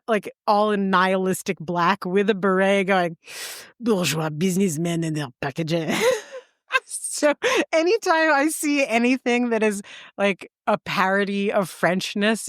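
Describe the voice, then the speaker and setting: Woman, podcast co-host, casual chat, animated storyteller, laughs often, mid pitch, dry close sound. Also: clean tone, no echo.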